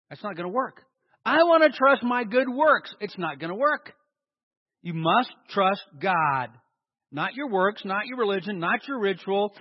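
High, husky preacher in an echoey hall. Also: male voice. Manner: asks rhetorical questions and answers them himself; emphatic, stressing single words. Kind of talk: sermon. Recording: echoey hall, dull lo-fi sound.

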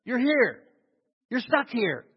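A man preaching a sermon as pastor, animated and sarcastic, with mocking asides to the congregation. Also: extremely high pitch, slow pace, slightly rough, big-room sound, highs cut off.

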